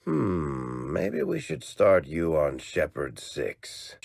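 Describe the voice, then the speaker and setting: A man's voice: rumbling low, huge pitch swings, takes it slowly, vocal fry, a little mellow, a little hiss or hum, full character voice. An actor playing a wry, teasing middle-aged male dwarf storyteller in sarcastic video game companion banter.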